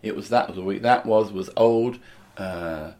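A man's voice: on the low side, measured pace, a little mellow. Older man telling rambling stories. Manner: rambling, anecdotal storytelling. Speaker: guest comedian and musician. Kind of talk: casual interview chat.

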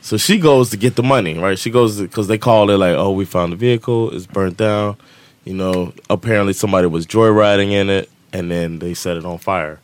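A man's voice: low-pitched, brisk, no echo. A man, telling a story on a casual podcast, laughing often and acting out the voices of the people in it. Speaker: podcast co-host.

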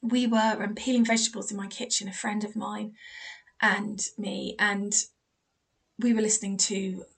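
A woman's voice: mid-range voice, flat delivery, normal speed, fairly bright tone, breathy edge. A woman hosting a spiritual advice podcast as a medium, chatty and encouraging, acting out quoted dialogue in her stories.

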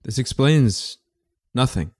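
A man's voice: mid-range voice, expressive, takes it slowly, a little mellow, no room sound, studio quality. A man co-hosting a comedy podcast, tossing out wry, teasing questions. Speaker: podcast co-host. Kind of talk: comedic banter.

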